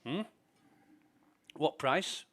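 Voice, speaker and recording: A man's voice: extremely slow, a bit bright. A man chatting while streaming a game, blunt and venting with heavy swearing. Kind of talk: casual gaming chat.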